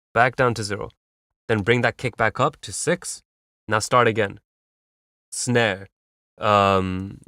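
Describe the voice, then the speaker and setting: The music feedback streamer's medium-pitched voice is a bit bright, captured in clean studio sound with no echo. He gives loose, instructive notes on a track's mix, humming beats and using lots of fillers.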